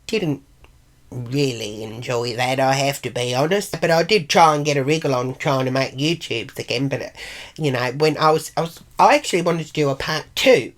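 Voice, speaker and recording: Middle-aged Australian woman with a low voice, chatty and blunt, telling stories to camera. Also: normal speed. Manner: chatty, blunt and sweary, acts out quoted arguments. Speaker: vlogger. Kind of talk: casual monologue vlog.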